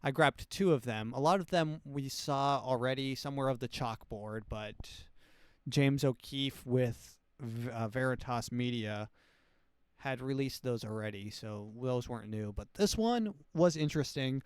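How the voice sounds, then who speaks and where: A man's voice: medium pitch, a little slow, clean tone, dry recording, clean studio sound. A man hosting his comedy show, talking in a loose, profane, rambling monologue. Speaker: comedy podcast host.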